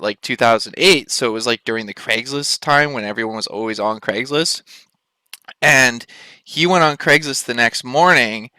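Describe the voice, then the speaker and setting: Bright, crisp-voiced man telling a story. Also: mid-range voice, no echo. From Canada. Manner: rambling, lots of filler "like", excited retelling. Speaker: vlogger. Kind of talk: casual storytelling.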